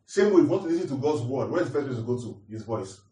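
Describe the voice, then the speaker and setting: A man's voice: medium pitch, very animated, racing, warm tone. A man preaching a teaching sermon, repeating his points and asking the congregation questions. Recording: roomy echo, distant mic.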